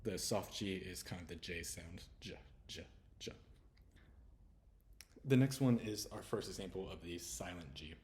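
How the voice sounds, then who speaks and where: Deep-voiced man teaching pronunciation. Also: slight background noise. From Houston, Texas. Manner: relaxed, repeats sounds slowly and often. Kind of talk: casual spoken lesson.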